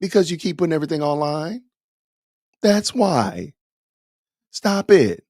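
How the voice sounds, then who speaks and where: A man's voice: on the high side, big pitch swings, unhurried, darkish tone, no echo, studio quality. A man hosting a podcast, giving emphatic, scolding commentary with a preacher-like cadence. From Atlanta. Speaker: podcast host. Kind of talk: commentary on a news clip.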